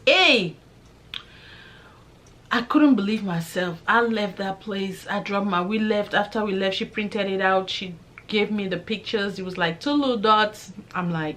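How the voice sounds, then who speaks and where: A young woman vlogger telling a personal faith testimony in a lively, conversational way, acting out both sides of the conversations she recounts. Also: mid-range voice, a little slow. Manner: religious, praises God while telling. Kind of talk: personal storytelling.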